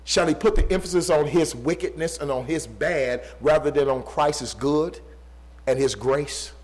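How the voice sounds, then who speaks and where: A male preacher delivers a sermon in a somewhat high voice. He drives home repeated rhetorical questions and swings from loud, emphatic appeals down to hushed, low stretches. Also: moderate pace, breathy edge, poor audio. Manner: rising to loud emphatic pleas, then dropping low and quiet.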